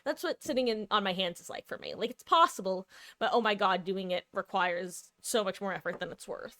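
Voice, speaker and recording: This thirty-something woman streams a game and chats loosely, her rambling peppered with "ums" and "likes." Her medium-pitched voice is brisk, bright, and forceful, captured in a dry recording.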